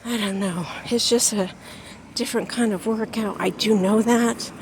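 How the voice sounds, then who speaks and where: A woman's voice: mid-range voice, fairly even intonation, normal speed, background noise. A woman chatting in a folksy way to her viewers while walking laps outdoors, a little out of breath. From United States. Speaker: vlogger. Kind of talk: casual vlog chat while walking. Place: outdoors in a backyard.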